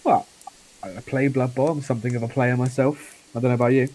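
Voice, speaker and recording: A man voicing a male dwarf sports player in a tabletop role-play, speaking in his own plain voice with halting, hesitant phrasing. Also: mid-range voice, fairly even intonation, dark tone, natural voice, rough recording. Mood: resigned.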